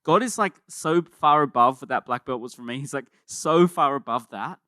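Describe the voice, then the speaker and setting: A man preaching a sermon as pastor, in a conversational and animated way, often repeating words as he starts a thought. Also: medium pitch, normal speed, clear, resonant tone, dry recording, studio quality.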